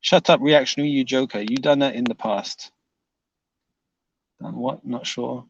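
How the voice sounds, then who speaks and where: A man's voice: medium pitch, steady tone, normal speed, creaky, lo-fi sound, slight background noise. A man hosting a casual livestream, reading viewer comments aloud and teasing them, laughing often.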